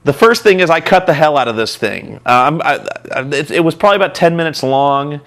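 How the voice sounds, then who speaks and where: A man's voice: fairly high pitch, lively intonation, brisk, fairly bright tone. A man hosting a vlog, telling a rambling, profane, self-mocking story. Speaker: vlog host and reviewer.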